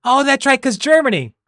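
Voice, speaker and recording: A man chatting casually on a livestream, rambling and animated, often laughing. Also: very high-pitched, dry recording, clean studio sound. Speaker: streamer.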